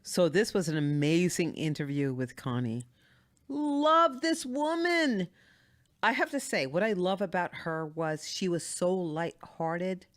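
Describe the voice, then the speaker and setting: A woman's voice: on the low side, measured pace. A woman hosting a podcast, effusive and affectionate, laughing often. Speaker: podcast host. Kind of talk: casual podcast chat.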